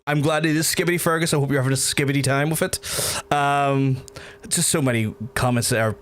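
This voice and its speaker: A man's voice: medium pitch, a little fast, fairly bright tone, slight background noise. A man chatting casually on a gaming livestream, ranting and swearing heavily, rambling with lots of fillers. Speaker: gaming streamer.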